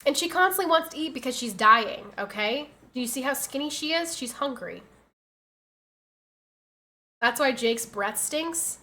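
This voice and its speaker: A woman's voice: high voice, animated, a little slow, long pauses, sharp tone. A woman streamer chatting casually with her audience, telling exasperated stories about her pets and reading out messages from chat. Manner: chatty, exasperated storytelling, reads chat aloud.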